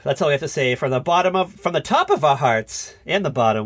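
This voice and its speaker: An excitable man with a Northeastern US accent co-hosts a chatty podcast. His pitch sits a little high and swings widely as he jokes. The recording is dry and close. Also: fast, no room sound. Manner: excitable, jokey, animated. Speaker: podcast co-host. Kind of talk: casual chat.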